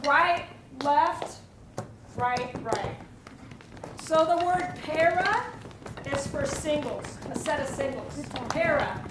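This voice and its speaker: High-voiced woman teaching a drum clinic. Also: noisy background. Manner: energetic, asks the room questions and demonstrates. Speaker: percussion clinician. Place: school hall with students. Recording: echoey hall, mic at a distance, drumming behind.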